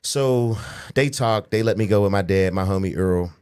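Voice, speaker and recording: A Pittsburgh-area man in his forties, a pro bodybuilder appearing as a podcast guest, tells a profane story from his childhood in a casual interview. His voice sits on the low side, clear and resonant, at a moderate pace. He's animated, acts out the voices of people he quotes, and keeps saying "you know what I'm saying."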